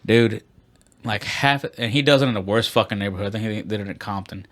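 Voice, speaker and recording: A man's voice: fairly low pitch, fairly quick, fairly bright tone. A man co-hosting a podcast, telling long rambling stories in casual, profane chat. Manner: profane, rambling storytelling with many fillers. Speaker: podcast co-host.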